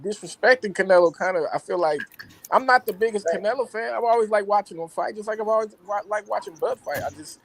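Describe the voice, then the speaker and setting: A man's voice: sits high, quick pace, vocal fry, fairly bright tone, low-quality recording. A man on a panel chat, laid-back and profane, breaking down a fight. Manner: laid-back, profane, says "you know what I mean". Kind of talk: casual boxing analysis.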